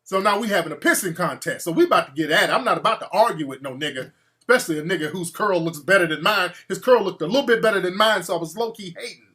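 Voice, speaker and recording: A man hosting a call-in show, telling a story in an animated, profane way and acting out the quotes. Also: high voice, fast talker. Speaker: radio show host.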